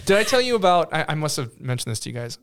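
A man's voice: on the high side, big pitch swings, very fast, a bit bright, clear, resonant tone. A middle-aged man, hosting a casual chat and telling family stories with chuckles. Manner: storytelling, chuckling, drops into brief mimicked voices. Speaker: podcast host.

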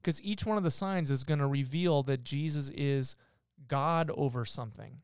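A man's voice: medium pitch, normal speed, clear, resonant tone, dry recording, studio quality. A man on a podcast explaining a Bible passage in a casual teaching way, reading verses aloud and stopping often to restart his sentences. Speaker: podcast co-host teaching scripture.

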